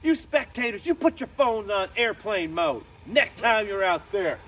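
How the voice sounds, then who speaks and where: A man's voice: high-pitched, very animated, a little slow, fairly bright tone. A man doing a comic, mock-outraged rant to camera outdoors by a grill. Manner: exaggerated, mock-outraged ranting. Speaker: show host in an outdoor bit. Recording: distant mic, outdoor noise.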